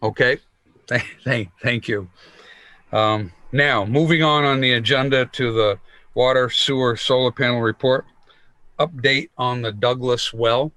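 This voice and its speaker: A man chairing a town meeting, speaking in a measured way with many fillers as he moves through the agenda. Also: medium pitch, bright, forceful tone, dry recording.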